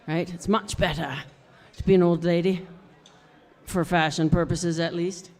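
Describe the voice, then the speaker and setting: A woman's voice: fairly low pitch, measured pace. A woman singer-songwriter chatting on stage between songs, telling stories and acting out what people said. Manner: expressive storytelling, acting out quotes. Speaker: singer-songwriter performing live. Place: music club, live show. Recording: reverberant live club sound with guitar.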